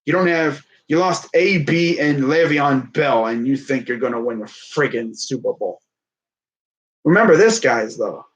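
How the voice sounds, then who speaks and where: A young man talking sports in a casual, excitable, rambling way, with plenty of trash talk. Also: mid-range voice, moderate pace, few pauses. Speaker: sports fan streamer.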